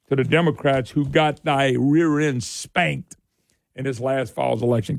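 At a moderate pace, a man rails on during his political talk radio program, sounding sarcastic and folksy. His voice is high with a gravelly fry, recorded close and dry in the studio without echo.

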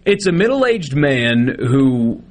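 A man's voice: medium pitch, big pitch swings, slow. A man, co-hosting a sports radio show in casual, joking banter. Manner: joking, self-deprecating banter.

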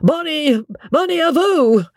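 A man voicing a stout, cowardly middle-aged gentleman shouting panicked orders in broken French. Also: very high voice, expressive, extremely slow, no echo, studio quality, pitched above the performer's own voice, exaggerated voice. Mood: terrified.

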